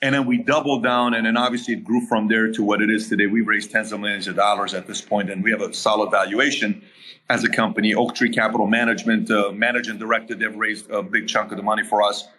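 A man telling his own story in a podcast interview, animated, acting out the quoted dialogue. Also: on the low side, fast talker. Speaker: podcast guest. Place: home area in Southern California.

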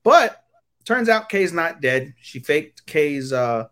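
A man's voice: a little high, animated, slow, a bit bright. A man co-hosting a podcast, giving crude, rambling episode recaps full of fillers. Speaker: podcast co-host. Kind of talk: casual chat.

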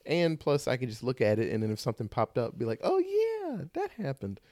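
A man hosting a casual horror-movie podcast, animated and joking. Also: mid-range voice, quick pace, no echo, clean studio sound. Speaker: podcast host.

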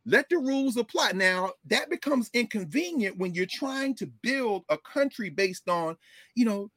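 A middle-aged man, a professor, giving animated, emphatic conversational commentary, digressing often and breaking into laughter. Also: high voice, measured pace, no echo, clean studio sound.

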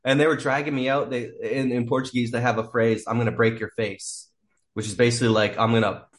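A man casually telling a story on a podcast, animated, acting out what he and others said and swearing freely. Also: mid-range voice, fast talker. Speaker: podcast guest.

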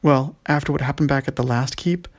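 A man's voice: mid-range voice, brisk, natural voice. A man voicing a sly, impatient female elf who lectures her companions.

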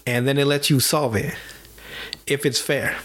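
A man hosting a podcast, retelling a cartoon plot in casual, profane chat full of quick impressions. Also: medium pitch. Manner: animated, profane storyteller with voices and laughs. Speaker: podcast host.

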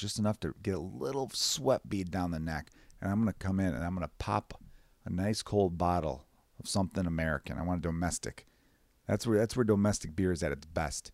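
Man, podcast host, deep voice, dry recording, breathless rambling, swearing. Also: fairly quick, dry recording. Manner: profane, rambling, animated bursts into high-pitched mimicry. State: short of breath. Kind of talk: casual podcast monologue. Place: away from his usual recording space.

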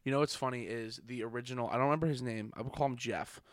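A man's voice: mid-range voice, quick pace. A young man hosting a podcast, chatting casually in a rambling, jokey way and laughing at his own jokes. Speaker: podcast host. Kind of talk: casual chat.

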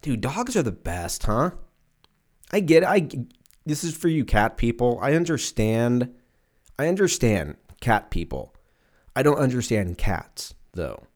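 A sing-song, mid-range voice, delivered a little slowly, belongs to a man in his twenties hosting a solo podcast. He rambles, swears freely and breaks into silly exaggerated voices while recording at home in a room with open windows.

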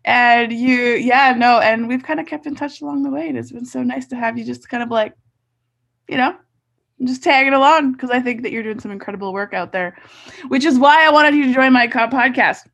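A Canadian woman hosting a podcast interview over a video call, animated and chatty, laughing often and restarting her sentences. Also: on the high side, fairly quick, vocal fry. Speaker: podcast host. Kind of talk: casual interview chat.

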